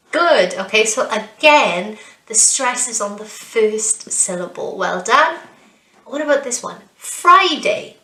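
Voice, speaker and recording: A young woman leads a slow beginner lesson, drawing out each word and cheering the learners on. Her voice is bright and a little high. She sits back from the mic in an echoey room. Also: far from the mic. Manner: encouraging, drills words and praises learners. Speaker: English teacher.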